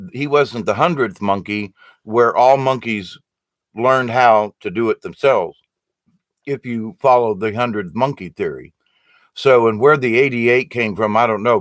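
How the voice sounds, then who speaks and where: A man talks in a loose, earnest ramble, stopping and restarting his sentences with plenty of ums and uhs. His voice sits at an ordinary middle pitch. The sound is close and dry, with no room around it. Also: a bit bright, no echo. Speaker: livestream host reading viewer comments. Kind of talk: casual spiritual chat.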